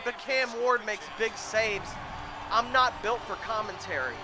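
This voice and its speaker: A man with a very high voice calls his own video game match in a frantic rush, swinging from pleading to shouting as the play turns. His voice is getting hoarse from the strain, and there is steady noise in the background. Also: measured pace. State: voice going hoarse. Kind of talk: excited let's-play commentary.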